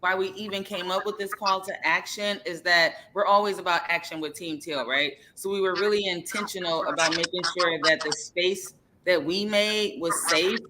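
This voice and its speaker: A woman guest on a live video-call podcast, introducing herself and chatting in an upbeat, energetic way. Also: fairly low pitch, normal speed, hardly any pauses, background noise. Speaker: podcast guest, nonprofit founder. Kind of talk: casual podcast chat.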